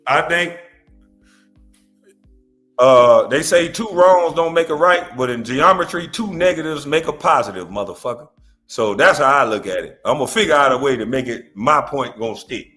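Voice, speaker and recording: A man's voice: mid-range voice, animated, moderate pace, fairly bright tone, faint music behind. Blunt, profane man ranting. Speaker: host. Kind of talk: reaction commentary rant.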